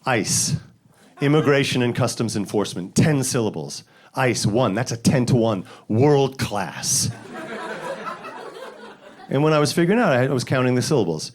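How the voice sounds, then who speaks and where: A man from the Bronx doing a stand-up set, deadpan setups that jump to loud high voices for punchlines. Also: moderate pace. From the Bronx, New York. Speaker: stand-up comedian. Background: audience laughter.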